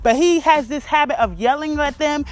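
A woman's voice: high-pitched, moderate pace. A woman hosting a podcast, ranting bluntly and mockingly in casual chat, full of profanity. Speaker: podcast host. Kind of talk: casual opinion rant.

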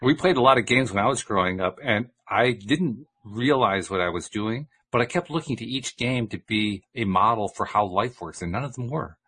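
Husky, expressive male podcast host. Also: on the low side, normal speed, few pauses, rough recording. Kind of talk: reading a book aloud and casual chat.

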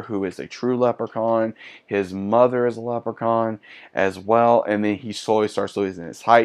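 A man in his thirties, chatty and enthusiastic, giving a casual movie review to his viewers. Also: fairly low pitch.

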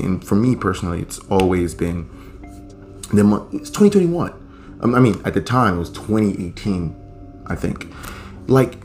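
A man's voice: deep voice, darkish tone. A young man hosting a podcast, telling a story in a laid-back, profane, rambling way. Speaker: podcast host. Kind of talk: casual storytelling.

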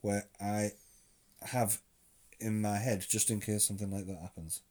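A man's voice: fairly low pitch, little pitch movement, moderate pace, a little mellow. A young man in casual chat as a co-host, teasing and argumentative in a dry way.

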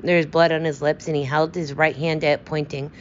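A woman reading a story aloud as its narrator, in a steady, measured way. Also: sits low, highs cut off, slight background noise. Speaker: audiobook narrator. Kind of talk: scripted narration.

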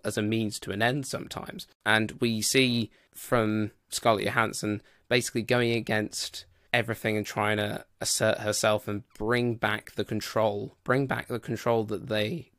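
A man's voice: fairly low pitch, a bit bright, no echo, studio quality. A man giving a casual spoken film review, rambling and loose with plenty of "like" and "you know".

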